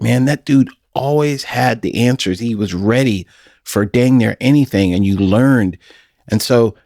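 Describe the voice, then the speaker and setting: A middle-aged man hosts a casual podcast with a folksy, storytelling way of talking. His voice sits low and sounds dry and close to the mic. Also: vocal fry, a little mellow, no room sound. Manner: folksy, storytelling, laughs often. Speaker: podcast host.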